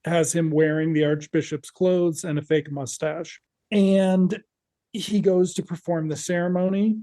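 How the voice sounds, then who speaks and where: A man's voice: a little high, flat delivery, measured pace, mellow. A man co-hosting a podcast, wryly recapping a show in casual chat. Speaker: podcast co-host.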